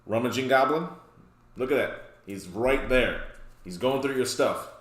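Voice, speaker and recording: A man's voice: medium pitch, lively intonation, unhurried. A man hosting a casual card game deck walkthrough, rambling with joking asides. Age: adult, past his youth. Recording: roomy echo.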